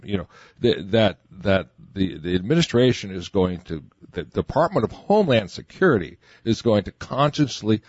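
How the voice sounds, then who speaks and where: A man's voice: lowish voice, lively intonation, moderate pace, darkish tone, no echo, dull audio. A man co-hosting a political radio talk show, rambling and emphatic, often restarting. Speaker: co-host.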